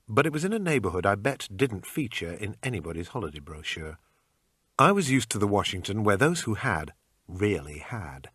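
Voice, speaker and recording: A man's voice: on the low side, a bit bright, husky, dry recording. A man narrating a first-person thriller audiobook in a dry, matter-of-fact manner, close to the mic.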